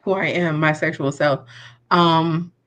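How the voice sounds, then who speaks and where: A woman guest on a casual podcast, playful and expressive, acting out little asides as she talks. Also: low-pitched, unhurried.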